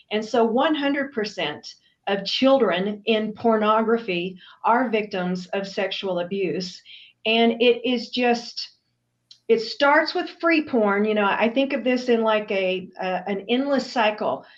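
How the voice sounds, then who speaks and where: A woman's voice: medium pitch, highs cut off. A middle-aged woman from Texas, speaking earnestly and emphatically as an interview guest. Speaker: guest, anti-trafficking advocate.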